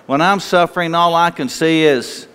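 A man preaching a conversational sermon, slightly hoarse with an itchy throat, asking his listeners questions in a folksy way. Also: on the high side, normal speed, a bit bright. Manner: folksy, asks the listeners questions, laughs easily. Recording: long hall reverb.

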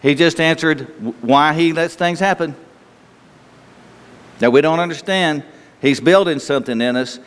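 Folksy preacher in a reverberant hall. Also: male voice, on the high side, moderate pace, pauses often, clear, resonant tone. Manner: folksy, asks the listeners questions, laughs easily. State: itchy throat, slightly hoarse from allergies. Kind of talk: conversational sermon.

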